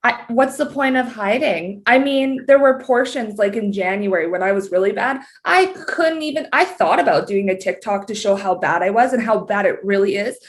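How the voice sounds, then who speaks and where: A woman's voice: mid-range voice, moderate pace, hardly any pauses. A young Canadian woman with a Canadian accent, a guest on a casual podcast, talking openly and laughing often. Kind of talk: casual interview chat.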